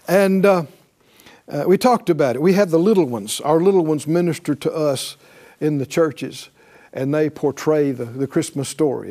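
A male pastor preaching a sermon, animated and calling on the congregation to answer back, often laughing. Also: on the high side.

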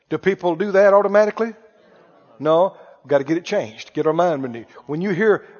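A man preaching a sermon, calling out to the congregation for responses. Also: high-pitched. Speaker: pastor. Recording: muffled church hall recording.

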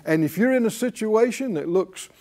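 A man's voice: sits high, expressive, normal speed, darkish tone. A man preaching a sermon as pastor, drawing responses from the congregation with rhetorical questions and repeated key phrases.

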